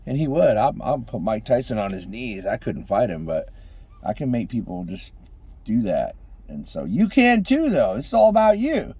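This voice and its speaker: A man giving an impassioned motivational monologue, swinging between loud exhortation and hushed intensity, calling on the listeners as ladies and gentlemen. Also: mid-range voice, wildly swooping pitch, normal speed, breathy edge, dry recording. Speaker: street preacher-style motivational speaker.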